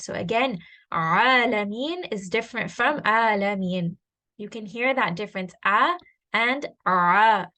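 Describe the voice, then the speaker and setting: A woman's voice: on the high side, fairly bright tone. A woman teaching a tajweed lesson, patiently explaining and sounding out letters one by one. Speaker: Quran recitation teacher.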